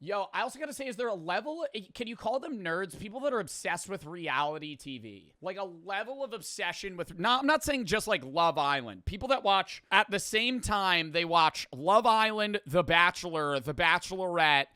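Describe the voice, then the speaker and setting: A man in casual chat, chiming in with animated, swearing comments as co-host. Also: sits high, normal speed, hardly any pauses.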